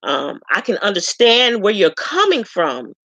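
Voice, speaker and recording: A woman from Chicago giving a frank, chatty self-introduction to her viewers, pausing often with ums. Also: medium pitch, big pitch swings, fairly bright tone, no room sound. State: tearful at times. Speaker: vlogger introducing herself. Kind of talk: casual self-introduction to camera.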